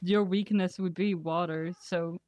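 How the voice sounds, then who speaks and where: A woman joking loudly and swearing while roleplaying with friends in a game, laughing often. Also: lowish voice, fairly even intonation, unhurried, dry recording. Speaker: roleplay player. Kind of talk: casual Minecraft roleplay banter.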